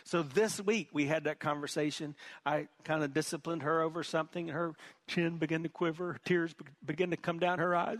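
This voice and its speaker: A man's voice: on the high side, steady tone, fairly quick, a bit bright, dry recording. A middle-aged male pastor preaching a sermon in an earnest, emphatic way, often repeating words.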